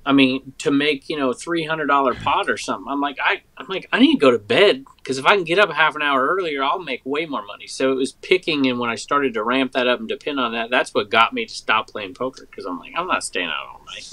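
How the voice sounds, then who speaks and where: A man's voice: medium pitch, fast, few pauses, pushed and bright. A man co-hosting a podcast, telling stories in a rambling, casual way. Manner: rambling storyteller, restarts phrases. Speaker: podcast co-host. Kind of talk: casual chat.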